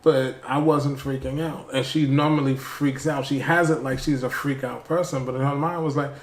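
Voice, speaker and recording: A man's voice: mid-range voice, fairly even intonation, moderate pace, reverberant. A man hosting a casual podcast chat, talking frankly and earnestly and swearing casually.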